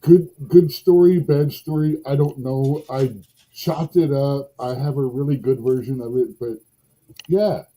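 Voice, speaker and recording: A man chats on a podcast, drifting from argument into a folktale and joking at his own expense. His voice is very dark and mellow with a husky grain, and he takes his time. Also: medium pitch, fairly even intonation, unhurried, low-quality recording. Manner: musing, rambling, self-deprecating. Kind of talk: casual podcast conversation and storytelling.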